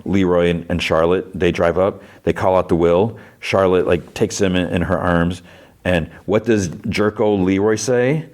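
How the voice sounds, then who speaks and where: A podcast host with a low voice gives a relaxed, unhurried recap of a show's plot, his loose delivery full of fillers and restarts. He retells scenes and, when quoting characters, jumps into a raised, put-on voice.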